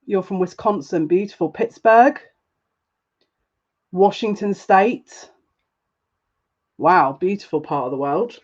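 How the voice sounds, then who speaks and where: A woman giving a live-streamed tarot reading, chatting with viewers, emotional and gushing, with excitable quick restarts. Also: fairly low pitch, highs cut off. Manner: emotional and gushing, easily moved. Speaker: psychic tarot reader.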